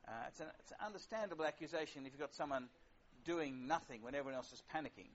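A man's voice: a little high, fast talker, few pauses, fairly bright tone. A middle-aged man preaching a sermon in a conversational, wry way, with frequent fillers. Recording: lo-fi dull sound.

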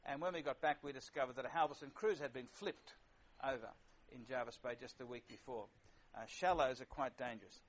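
A man's voice: mid-range voice, brisk, hardly any pauses. Middle-aged male preacher, casual wry sermon delivery with fillers, dull lo-fi sound. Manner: conversational, wry, with frequent fillers.

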